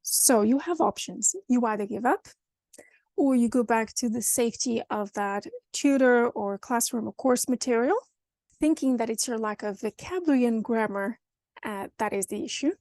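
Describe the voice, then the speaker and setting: A woman with a European Portuguese accent teaches pronunciation in a video lesson. Her voice sits fairly high and comes across dry, with almost no room sound. She explains things plainly and speaks straight to the learner. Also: moderate pace, a little mellow, no echo. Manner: explanatory, direct, addresses the learner. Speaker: language teacher.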